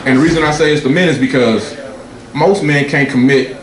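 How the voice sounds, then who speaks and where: A man doing a profane stand-up set, telling loose stories and jumping high in pitch for his punchlines. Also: a little fast. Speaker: stand-up comedian. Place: comedy club stage before a laughing audience. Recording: echoey club room with crowd noise.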